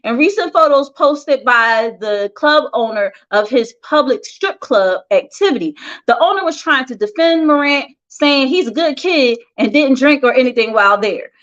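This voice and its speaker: A woman reads celebrity headlines in a high, bright voice and breaks off for frank, opinionated side comments. The recording sounds dull and lo-fi. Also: expressive, normal speed. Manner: chatty, opinionated asides with laughs. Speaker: host reading celebrity news. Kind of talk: casual gossip news commentary.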